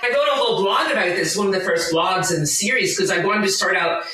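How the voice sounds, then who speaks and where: A woman's voice: mid-range voice, quick pace, sharp tone, heavy reverb, distant mic, rough recording. A woman guest talking enthusiastically, full of asides and tangents, in conversation. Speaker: podcast guest. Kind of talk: conversational explaining.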